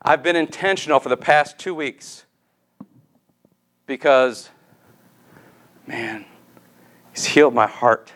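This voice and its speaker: A man's voice: mid-range voice, slow pace, long pauses, fairly bright tone. A man preaching a sermon, telling a personal story and leading a prayer in an earnest, pleading way.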